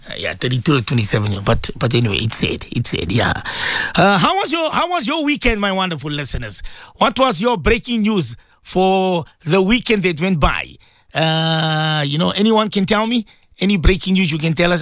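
A man hosting a casual radio talk show as a Muslim cleric, rambling and repeating words with sudden jumps in pitch. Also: no room sound, clean studio sound.

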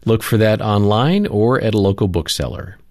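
A man's voice: lowish voice, animated, moderate pace, a little mellow, no room sound, studio quality. A man announcing a radio show, reading an upbeat scripted outro.

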